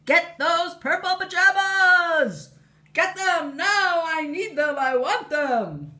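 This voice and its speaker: A shrill, imperious tooth queen who barks orders in a loud, high, piercing voice, as a woman reading a storybook puts her on. She is greedy and bossy, swinging her pitch all over the place. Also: very animated, measured pace, heavily acted. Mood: furious. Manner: shrill, bossy, shouting commands.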